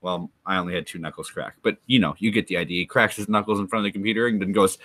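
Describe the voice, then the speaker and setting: Rambling low-voiced male streamer, dry sound. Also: fairly even intonation, racing, a bit bright, no echo. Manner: rambling, joking, trails off into asides. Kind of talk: rambling livestream chat.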